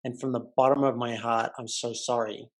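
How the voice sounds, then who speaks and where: A man voicing a volatile woman driver who swears and shouts at him, in a retold story. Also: mid-range voice, flat delivery, brisk, lightly acted. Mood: apologetic. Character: volatile woman driver, venomous then tearful.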